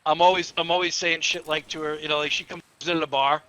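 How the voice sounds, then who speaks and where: A man's voice: a little high, flat delivery, fast, bright, forceful tone, a little hiss or hum. A man chatting casually while gaming, rambling through crude stories and laughing at his own jokes. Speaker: player telling stories.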